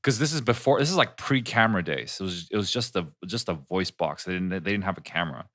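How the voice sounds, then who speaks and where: A young man with a lowish voice that still swings widely in pitch while he tells loose, rambling stories among friends. His tone is bright and forward, and his speech is full of "like" and restarts. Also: lively intonation, fast. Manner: rambling storyteller, many fillers, bursts into silly put-on voices. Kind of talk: casual chat among friends.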